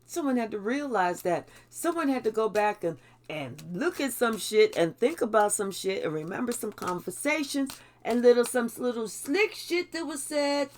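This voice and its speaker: A woman's voice: fairly high pitch, expressive, moderate pace, a little hiss or hum. A woman giving a spiritual tarot reading in a blunt way, swearing freely. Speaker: tarot reader.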